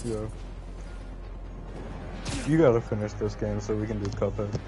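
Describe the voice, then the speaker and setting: A man's voice: lowish voice, fairly even intonation, moderate pace. Young male, laid-back gaming chat, rambly and filler-heavy, game music up behind. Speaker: co-player chatting.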